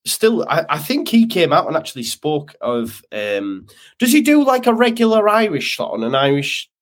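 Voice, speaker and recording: A man's voice: a little high, big pitch swings, normal speed. A man guesting on a football podcast, chatty and opinionated with lots of fillers. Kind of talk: casual football chat.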